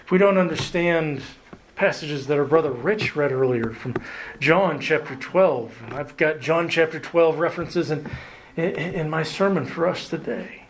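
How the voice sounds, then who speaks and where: A man preaching a sermon as pastor, earnest, slowing down and lifting his voice to stress key words. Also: fairly high pitch, slight background noise, poor audio. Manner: earnest preaching, slows and rises for emphasis, occasional restarts.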